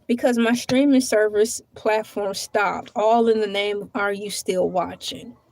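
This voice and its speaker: A woman's voice: a little high, a little mellow. A woman live streaming from home in casual chat, thanking viewers and talking to herself while she types and searches around her table. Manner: chatty, talks to herself while searching and typing.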